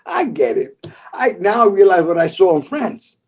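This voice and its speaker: Animated husky bronx storyteller guy. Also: high voice, measured pace. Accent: New York. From the Bronx, New York. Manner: animated, swearing, acting out voices in his stories. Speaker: guest percussionist. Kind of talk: casual storytelling interview.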